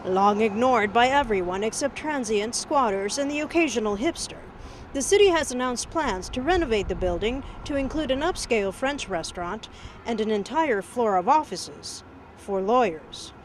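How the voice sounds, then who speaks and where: A woman as a news correspondent, narrating a mock news report in a crisp scripted newsreader delivery. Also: on the high side, expressive, normal speed, slight background noise, poor audio.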